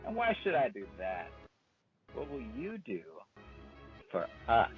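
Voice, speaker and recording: A man's voice: medium pitch, huge pitch swings, a little slow, narrow, tinny audio, faint music behind. A man voicing a wry young male rebel hero who talks in a casual, incredulous, brash way.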